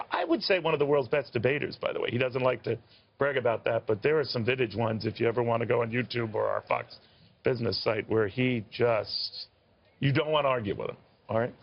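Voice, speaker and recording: A man's voice: mid-range voice, creaky, highs cut off. A man hosting a live news interview, chatty and wry, with a rambling way of building his questions. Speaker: TV news host.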